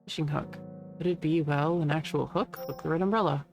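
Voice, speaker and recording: Lady streamer, lowish voice, dry and sweary, reads game text out loud, quiet game music behind. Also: fairly quick, creaky. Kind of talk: casual gameplay commentary. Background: faint game music.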